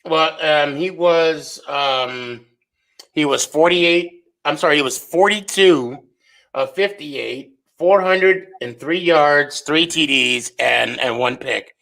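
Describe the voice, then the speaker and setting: A man's voice: fairly high pitch, takes it slowly, gravelly, pushed and bright. A man co-hosting a casual sports podcast, rambling with many fillers and restarts. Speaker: podcast co-host.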